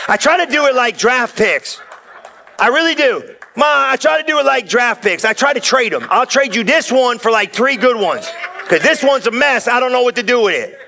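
A man preaching a sermon as pastor, in an energetic, folksy, conversational way, joking with the congregation and shouting out punchlines. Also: very high voice, fairly quick.

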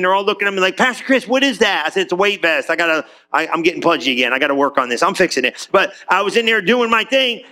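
High-pitched animated male pastor. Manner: conversational, animated, acts out quotes. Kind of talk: sermon. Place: church in front of congregation.

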